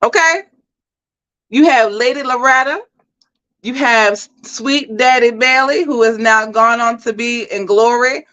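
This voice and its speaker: A woman hosting a livestream, giving animated, emphatic commentary and talking straight to her chat. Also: a little high, unhurried, muffled recording. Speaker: host.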